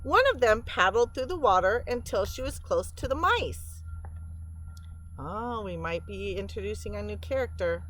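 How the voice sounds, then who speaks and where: A woman reading a storybook aloud to children, pausing to explain words and pictures in a gentle way. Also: mid-range voice, expressive, low-quality recording.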